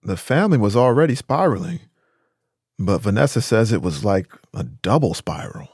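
Man, documentary narrator, scripted, measured delivery, dry sound. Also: on the low side, sing-song, darkish tone, slightly rough, no echo.

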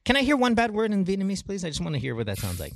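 A man's voice: sits high, wildly swooping pitch, very fast, vocal fry, no echo. A man co-hosting a podcast, joking and teasing a caller with stammering restarts. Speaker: podcast co-host. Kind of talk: casual banter with a caller.

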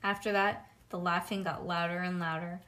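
A woman reading a children's storybook aloud in a lively, childlike first-person narration. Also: on the low side, normal speed. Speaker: reader.

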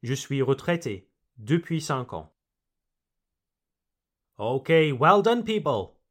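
Man, English teacher, slow careful delivery, lively rising and falling pitch, bilingual vocabulary lesson. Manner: slow, deliberate, repeats words for learners. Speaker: English teacher and podcast host.

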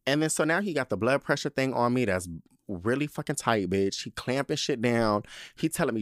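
A man hosting his podcast, telling a story in an animated, dramatic and profane casual manner. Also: medium pitch, a little fast, no echo, clean studio sound. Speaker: podcast host.

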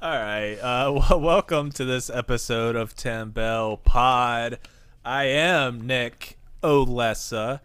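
A man co-hosting a podcast in relaxed, casual chat, laughing easily. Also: mid-range voice, takes it slowly, smooth, no room sound. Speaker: podcast co-host.

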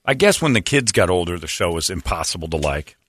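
Blunt, opinionated low-voiced male host. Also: sing-song, a bit bright, slightly rough, no echo, studio quality. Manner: blunt, opinionated, quick to complain. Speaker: radio show host. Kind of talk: casual banter.

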